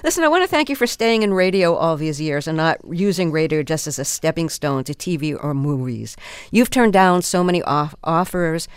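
Smooth low-voiced woman radio host. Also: lively intonation, normal speed, no room sound. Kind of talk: radio interview and scripted introduction.

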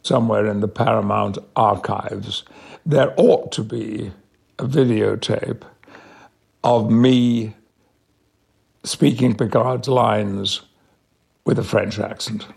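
An older man with an English accent, an actor answering interview questions in a measured, emphatic way. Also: on the low side, steady tone, gravelly, slightly rough. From England. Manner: measured, warmly emphatic, slows on key words. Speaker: guest, actor.

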